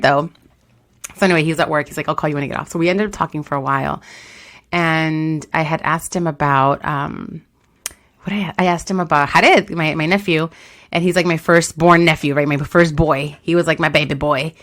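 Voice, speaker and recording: Woman podcast co-host, low-ish lively voice, story-driven casual chat. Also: brisk. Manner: animated storytelling, acts out quotes, laughs often.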